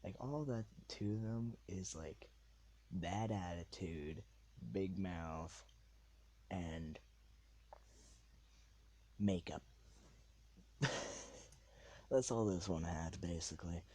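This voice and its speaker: A young man hosting a podcast from his bed at night, rambling in a hushed, half-whispered way. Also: low-pitched, extremely slow, pauses often. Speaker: podcast host. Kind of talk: casual late-night monologue.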